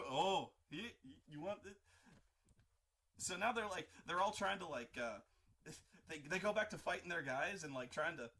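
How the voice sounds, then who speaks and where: A man hosting an art livestream, casually telling a profane, animated tabletop game story in a stop-start way. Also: high voice. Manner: animated, profane, full of restarts and acted-out voices. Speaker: artist livestream host.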